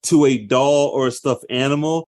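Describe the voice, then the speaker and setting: A man in his thirties, co-hosting a podcast, telling stories in an animated, laughing way. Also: medium pitch, moderate pace. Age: 30s. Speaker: podcast co-host. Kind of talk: casual chat.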